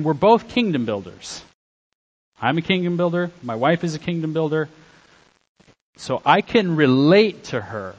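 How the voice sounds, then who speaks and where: Middle-aged guy preaching a sermon, slow and deliberate, goes loud then real quiet. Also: on the high side, dull audio. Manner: emphatic preaching, swings between loud exhortation and quiet asides. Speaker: pastor.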